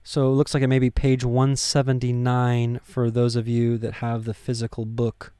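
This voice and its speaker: A man's voice: medium pitch, normal speed, smooth, dry recording, studio quality. Chatty man leading a Bible study. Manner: conversational, full of fillers and restarts, grows excited. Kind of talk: casual Bible study talk.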